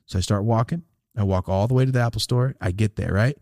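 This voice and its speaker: A man hosting a podcast, telling a long rambling story in a casual, profane, animated way. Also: on the low side, quick pace, dry recording, studio quality. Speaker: podcast host.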